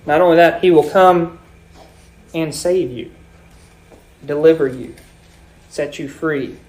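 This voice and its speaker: A man preaching a sermon, explaining scripture with swells and sudden drops in loudness. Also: fairly high pitch, slow. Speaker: pastor.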